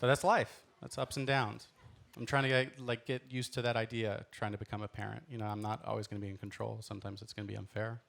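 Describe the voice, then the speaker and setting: A man's voice: on the low side, level tone, fast talker, vocal fry, a bit bright. Self-deprecating male stand-up storyteller. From Los Angeles. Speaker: stand-up comedian. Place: comedy club stage. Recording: noisy live club recording.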